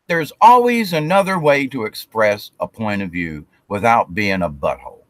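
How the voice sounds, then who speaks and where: A man's voice: fairly low pitch, animated, normal speed, hardly any pauses, fairly bright tone, no echo. A man giving a casual spiritual talk, rambling with restarts and acting out quotes of himself and others.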